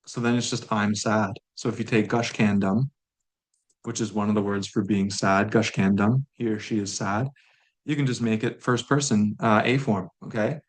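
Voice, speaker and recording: A man teaching a recorded language lesson, explaining grammar in a relaxed way and repeating words slowly for learners. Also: fairly low pitch.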